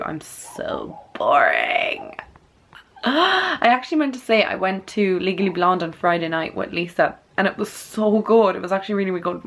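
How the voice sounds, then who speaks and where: A woman chatting casually in a vlog from a spare room at home, rambling and dropping into whispered asides. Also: on the low side. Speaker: beauty vlogger.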